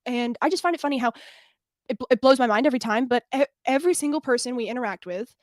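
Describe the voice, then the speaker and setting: A woman's voice: a little high, quick pace, dry recording. Young female streamer, winded, brash, self-deprecating, dry sound. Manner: blunt, self-deprecating, laughing. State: out of breath. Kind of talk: casual chat.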